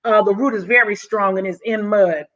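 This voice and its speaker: A woman vlogging to her channel, excited and effusive, a little out of breath, often calling the listener honey. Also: mid-range voice, normal speed, lo-fi sound. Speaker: YouTube vlogger. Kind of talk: casual vlog monologue.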